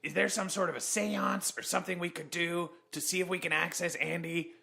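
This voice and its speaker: Deadpan man hosting, bright voice. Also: high voice, a little fast, creaky. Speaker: host. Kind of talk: improvised comedy chat.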